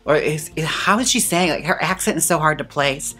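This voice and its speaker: A man's voice: fairly high pitch, a little fast, sharp tone, breathy edge. Man, campy, playful, casual tutorial chat, faint music behind. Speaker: wig stylist and channel host.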